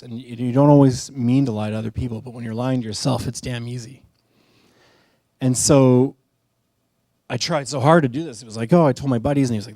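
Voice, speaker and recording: Middle-aged guy telling his story live on stage, candid and self-mocking, mellow warm voice, dry sound. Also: medium pitch, dry recording. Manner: candid, conversational, self-deprecating. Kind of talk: personal storytelling talk.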